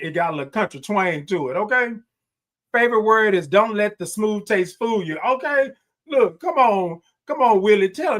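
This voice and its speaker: Reading viewers' comments and calling back to them, the host of a morning livestream keeps the chat casual, repetitive, and upbeat with frequent laughter. His voice sits high and has a fairly bright tone.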